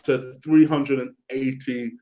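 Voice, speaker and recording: A man's voice: mid-range voice, steady tone, takes it slowly, warm tone. Easygoing man chatting about football. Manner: easygoing, laughing along, asks questions. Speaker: guest co-host. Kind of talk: casual fan chat.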